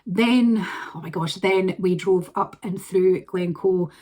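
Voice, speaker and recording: A woman's voice: lowish voice, slow, mellow. A middle-aged woman chatting to camera in a vlog, gushing and rambling with fillers and restarts. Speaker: vlogger. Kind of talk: casual chat to camera.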